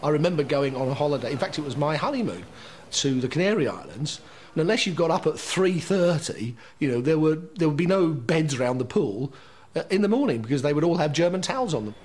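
Man, higher husky voice, lively, grumbling. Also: fairly quick. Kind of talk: interview.

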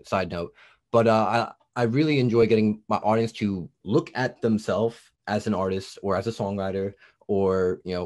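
A man in his twenties from New Jersey, with a Jersey accent tinged Southern, rambling through a casual podcast interview with lots of fillers. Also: lowish voice. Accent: New Jersey, with some Southern US. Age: 20s. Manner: rambling, lots of "like" and "you know". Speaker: guest producer and TikTok creator.

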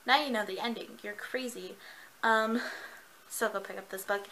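A young woman reviewing a book in a casual vlog. She talks in a gushing, excitable way and laughs often. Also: on the high side, normal speed, low-quality recording.

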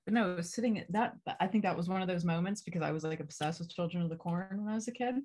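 A woman's voice: lowish voice, racing, a little mellow. A woman hosting a podcast and reading out horror trivia questions, chatting casually, laughing easily and swearing now and then. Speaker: trivia quizmaster and podcast host.

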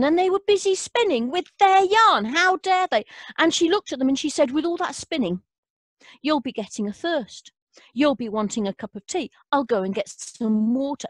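A woman storyteller telling a folk tale in a slow, dramatic way with pauses. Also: high voice, dry recording.

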